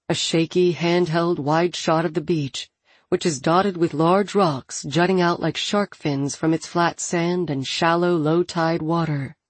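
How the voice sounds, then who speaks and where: A woman narrating an audiobook in a measured, steady reading voice. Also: on the low side, breathy edge, no room sound.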